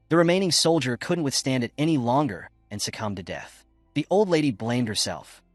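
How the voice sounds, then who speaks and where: Male recap narrator, animated, dry voice over soft music. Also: medium pitch, moderate pace, no room sound. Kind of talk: scripted narration of a comic recap.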